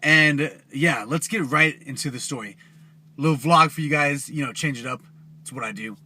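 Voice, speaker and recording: A man's voice: fairly high pitch, moderate pace, sharp tone, breathy edge. A young man telling a scary story casually to his viewers, loose and chatty with slang asides. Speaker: YouTuber.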